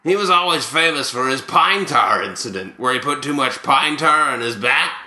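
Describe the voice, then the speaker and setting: A man playing an older male ex-ballplayer who tells rambling, boastful, made-up stories in a deadpan way. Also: mid-range voice, moderate pace, reverberant.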